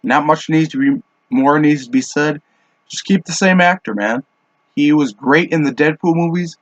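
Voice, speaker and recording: A slightly high-voiced man rambles offhand through a casual solo monologue, stumbling into restarts and fillers. He is smoking as he talks. The recording is dull and lo-fi, with a dry, close sound. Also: normal speed, no echo. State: smoking while talking. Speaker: podcast host. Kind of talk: casual monologue on fan casting. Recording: dull, dry lo-fi home mic.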